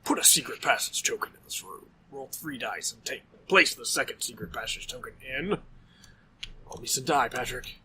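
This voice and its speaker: A man putting on a slow, grave voice to read out eerie game cards as an ominous narrator. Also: medium pitch, bright, forceful tone, a little hiss or hum, pitched below the performer's own voice. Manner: slow, grave, deliberate reading. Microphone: podcast mic with pop filter.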